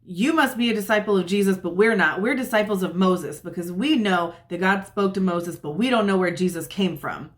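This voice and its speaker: A woman's voice: mid-range voice, a little fast, few pauses, natural voice. A woman doing pushy, suspicious religious leaders. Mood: demanding. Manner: demanding, pushy.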